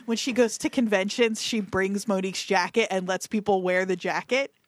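A woman co-hosting a movie podcast, chatting casually and rambling through asides and fillers. Her pitch sits in an ordinary middle range. The sound is dry and close, with little room around it. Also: fairly even intonation, normal speed, no echo. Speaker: podcast co-host. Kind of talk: casual chat.

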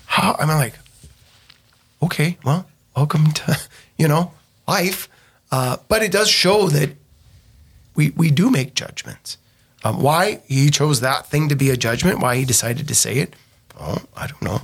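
A man's voice: medium pitch, normal speed, vocal fry, slightly rough. A man, a pastor co-hosting a radio talk show, chatting casually about a movie and acting out what people said. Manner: animated, quotes people in voices, frequent fillers. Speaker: pastor and co-host.

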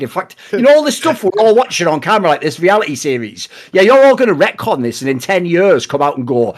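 Brief: male co-host, mocking and sweary banter, higher pitch. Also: brisk, hardly any pauses. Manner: sarcastic, mocking, swearing, animated storytelling. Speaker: podcast co-host. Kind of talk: casual podcast banter.

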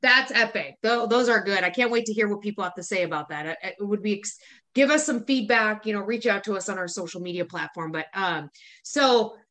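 Bright-voiced woman ranting on a podcast. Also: mid-range voice, fairly quick. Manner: exasperated ranting with frequent laughter and swearing. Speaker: podcast co-host. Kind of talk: casual chat.

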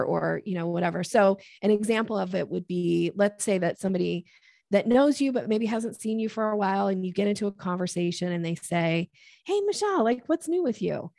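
A woman sales coach as a podcast guest, explaining her ideas in a lively way and acting out the voices she quotes. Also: mid-range voice, vocal fry, no room sound, clean studio sound. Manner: animated, acts out quoted voices. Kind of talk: casual podcast interview.

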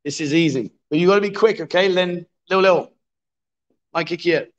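Broadcasting live from a bar, a middle-aged man with a high voice cheers on pool players while coaxing and joking with his viewers at a moderate pace. The sound is lo-fi, with a bit of hiss or hum.

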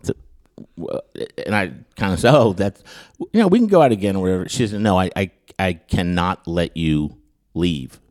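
A man's voice: on the low side, fast talker. A man hosting a podcast, telling an anecdote and acting out what people said, with many stammered restarts. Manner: animated storyteller who acts out quotes, with frequent stammered restarts. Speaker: podcast host. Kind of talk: storytelling anecdote in casual chat.

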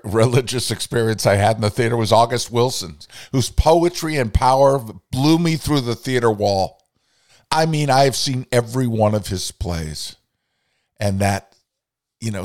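A man's voice: mid-range voice, no echo, clean studio sound. An older man hosting a podcast, speaking in an earnest, reflective monologue and quoting passages aloud with feeling. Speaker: podcast host.

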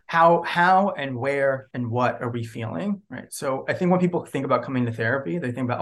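A man's voice: medium pitch, fairly quick, few pauses. A man appearing as a therapist guest on a podcast, explaining thoughtfully and checking in with "right?". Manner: thoughtful, explanatory, many restarts and "right?" tags. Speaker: psychotherapist guest. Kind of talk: casual podcast interview.

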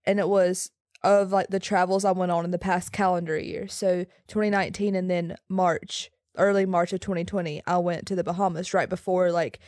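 A woman's voice: lowish voice, level tone, moderate pace, a little mellow, no room sound. A woman in her twenties co-hosting a casual podcast from her bedroom, with a dry, sarcastic manner. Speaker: podcast co-host. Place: sitting on her bed at home.

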